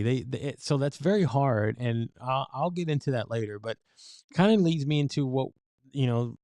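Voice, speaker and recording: Mellow-voiced man coaching on hard talks. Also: mid-range voice, no room sound, studio quality. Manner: halting starts, stammers, then steady advice. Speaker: podcast co-host, communication coach. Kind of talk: casual advice chat.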